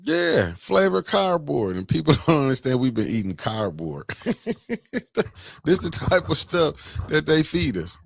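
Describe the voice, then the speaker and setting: A man's voice: mid-range voice, sing-song, normal speed, creaky, long pauses, no echo. A man co-hosting a casual live-stream chat, colloquial and laid-back, chuckling often. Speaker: co-host.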